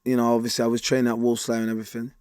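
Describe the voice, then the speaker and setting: A young man in his twenties with a Manchester accent, talking candidly as a guest in animated street slang. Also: medium pitch, racing, clean tone, no room sound. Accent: Manchester English. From Manchester, England. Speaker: guest, former fighter. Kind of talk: candid storytelling.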